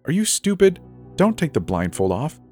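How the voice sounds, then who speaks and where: A man's voice: medium pitch, sing-song, normal speed, darkish tone, faint music behind, pitched above the performer's own voice. A man voicing a bossy, urgent teenage girl who talks sharply and commandingly.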